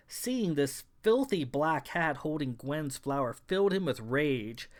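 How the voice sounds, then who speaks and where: A man narrating his own science fiction novel in a measured, even storytelling read. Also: fairly high pitch. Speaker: author and narrator. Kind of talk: audiobook narration.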